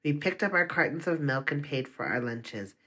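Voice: medium pitch, expressive, moderate pace, fairly bright tone, slightly rough. Earnest first-person audiobook narrator.

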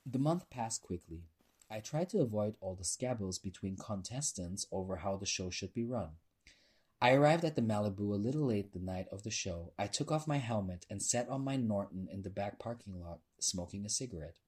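A man reading a novel aloud as narrator, in a measured storytelling manner and voicing the characters' lines. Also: on the low side, lively intonation, darkish tone, slightly rough. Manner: measured storytelling, lifting voice for dialogue. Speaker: audiobook narrator. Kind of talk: scripted narration with character voices.

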